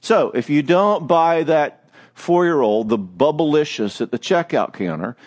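A man's voice: on the high side, lively intonation, a little slow. A middle-aged man giving a church marriage seminar, a joking, self-deprecating storyteller. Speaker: marriage speaker.

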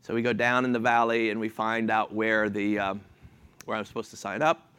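A man's voice: lowish voice, normal speed, smooth. Fifties man, dry and self-mocking storyteller. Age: 50s. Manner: self-deprecating, deadpan delivery with frequent restarts. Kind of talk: humorous personal story.

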